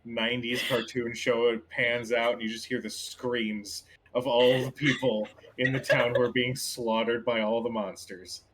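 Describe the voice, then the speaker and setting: A man's voice: medium pitch, flat delivery, moderate pace, hardly any pauses, noisy background. A man running a live-streamed charity tabletop game, talking in a loose, laughing way and swearing casually. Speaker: game master.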